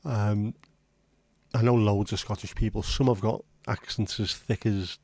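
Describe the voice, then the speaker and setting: Low, mellow-voiced man. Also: fairly even intonation, a little slow, no room sound. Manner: rambling, chatty, blunt with occasional swearing. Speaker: livestream host. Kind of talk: casual livestream chat.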